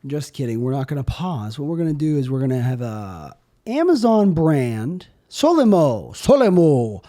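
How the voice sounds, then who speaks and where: Rambling man hosting a solo podcast. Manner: absurd deadpan riffing, drifting in pitch and loudness. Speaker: podcast host.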